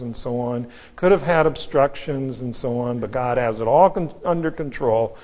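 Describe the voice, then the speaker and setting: A man's voice: mid-range voice, a little mellow. Dull-sounding man teaching verse by verse. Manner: measured, explanatory, with frequent asides. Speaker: Bible teacher. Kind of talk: expository Bible teaching. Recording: dull lo-fi recording.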